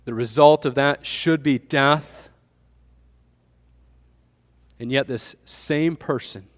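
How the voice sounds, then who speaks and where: A man's voice: a little high, in a large hall. A man preaching a sermon, building emphasis and asking the congregation rhetorical questions. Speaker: pastor.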